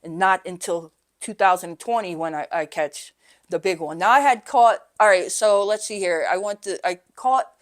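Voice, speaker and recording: A woman's voice: fairly low pitch, normal speed. A woman guest on a podcast, telling her life story in a rambling, candid way, often asking "right?" and swearing casually. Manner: rambling and candid, with frequent "right?" and "you know"; often drops to a quiet voice when reliving hard moments.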